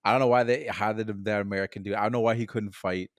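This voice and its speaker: A man's voice: on the low side, steady tone, fast, no echo, studio quality. A young man co-hosting a podcast, chatting about a film in a rambling way, laughing often and trailing off. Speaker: podcast co-host. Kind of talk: casual film discussion.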